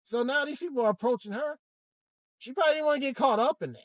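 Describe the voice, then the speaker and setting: A man with a fairly high voice talks through a casual monologue from the driver's seat, stopping and restarting his sentences as he searches for words. The sound is dry and close, with no room echo. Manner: hesitant, halting, many restarts and fillers. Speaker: vlogger. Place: in a car.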